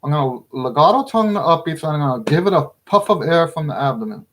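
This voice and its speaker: Talking quickly in a voice on the high side for a man, this middle-aged trumpet teacher keeps his lesson loose and conversational. He hammers home his points with emphasis and frequently bursts out laughing.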